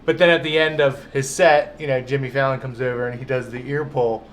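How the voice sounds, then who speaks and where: A man's voice: mid-range voice, fairly even intonation, a little fast, a little hiss or hum. A man co-hosting a comedy podcast, chatting casually with lots of fillers and restarts. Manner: rambling, filler-heavy talk. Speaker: podcast co-host. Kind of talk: casual chat.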